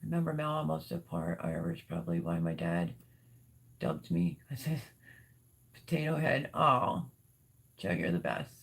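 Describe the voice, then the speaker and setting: A woman's voice: deep voice, big pitch swings, measured pace, vocal fry, pauses often. A woman hosting a casual livestream from home, rambling candidly and reading out viewer comments. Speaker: livestream host. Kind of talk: casual live-stream chat.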